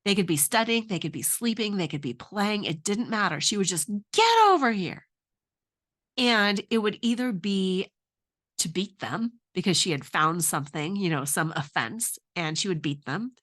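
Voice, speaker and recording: A woman's voice: fairly low pitch, moderate pace, a bit bright. A middle-aged woman coaching on relationships, asking earnest questions and telling her own story. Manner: earnest, asks many questions. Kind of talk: advice talk with personal story.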